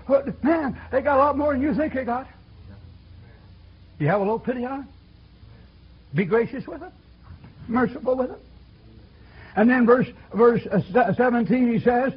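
A man's voice: extremely high pitch, lively intonation, a little fast, pauses often, slightly rough, highs cut off. A man preaching a sermon in a folksy, repetitive style, calling out to his congregation.

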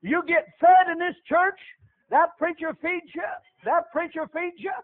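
A middle-aged man with a very high-pitched voice preaches a sermon at an unhurried pace, using an emphatic, repetitive cadence. The audio is tinny and lo-fi, like a phone.

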